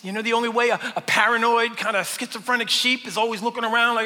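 A man preaching a sermon as pastor, dramatic, dropping from loud bursts to hushed whispers. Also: high-pitched, fairly quick. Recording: long hall reverb.

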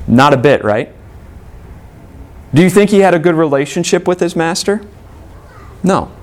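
A male preacher giving a sermon, emphatic and full of rhetorical questions. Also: fairly high pitch.

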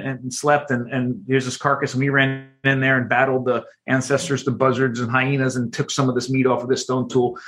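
A man's voice: medium pitch, fairly bright tone. A man being interviewed as a guest author, explaining with energy and frequent restarts. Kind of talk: podcast interview.

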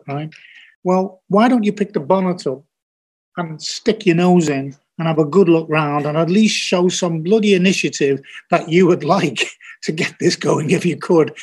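A man's voice: a little high, a little mellow. An older man with a Scouse accent, a TV producer speaking as a podcast guest in a blunt, earnest, folksy way. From Liverpool, England. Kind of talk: podcast interview.

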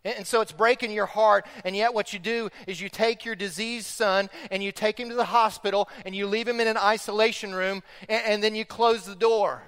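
A middle-aged male pastor preaching a sermon, rising to loud impassioned peaks and dropping to hushed, intimate speech. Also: sits high, steady tone, fairly quick, hardly any pauses, smooth, in a large hall.

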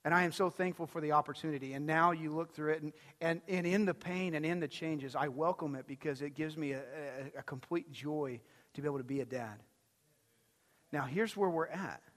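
Preaching briskly in a high, somewhat bright voice, a pastor shares stories conversationally and stops to ask his listeners questions. His sermon echoes with the long reverb of a church sanctuary.

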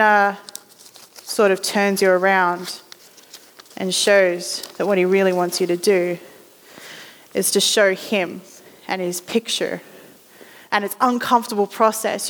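A woman giving a conversational sermon, acting out little voices as she tells stories. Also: medium pitch. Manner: conversational storytelling, acts out voices. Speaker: guest preacher. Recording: reverberant hall.

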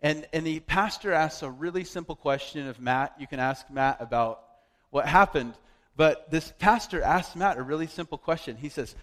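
A man's voice: on the high side, moderate pace, a bit bright. Guy preaching a story sermon, casual and rambly, big hall echo behind his voice. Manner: conversational, loose with fillers and restarts. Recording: long hall reverb.

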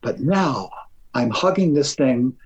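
A man telling an animated story as an interview guest, often stammering and restarting. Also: medium pitch, takes it slowly, lo-fi sound. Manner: lively, stammering restarts, acts out dialogue.

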